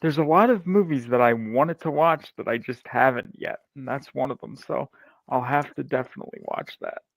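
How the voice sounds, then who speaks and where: A man's voice: medium pitch, moderate pace, gravelly, dry recording, low-quality recording. A man co-hosting a podcast, chatting in an easygoing way. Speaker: podcast co-host. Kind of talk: casual chat.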